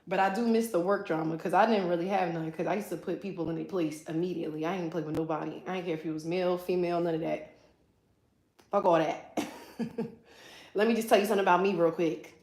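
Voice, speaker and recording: A hairstylist from the US East Coast talks quickly in a fairly low, steady, darkish voice, the room echoing as she livestreams a color removal from her salon suite. She teases her viewers, jokes with the chat and swears a lot.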